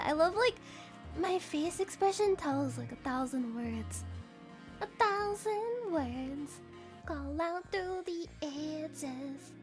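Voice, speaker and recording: A woman streamer chatting casually to her live audience, giggling often, rambling and swearing freely. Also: high voice.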